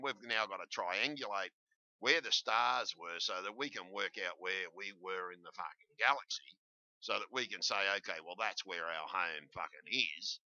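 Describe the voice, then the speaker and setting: An ill Australian man rants agitatedly into the camera, swearing constantly as he rambles. His voice is lower-pitched and very bright and sharp. The dull, lo-fi sound is dry, with no room echo. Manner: agitated, heavily profane, rambling. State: ill and in pain. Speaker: vlogger. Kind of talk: ranting monologue to camera.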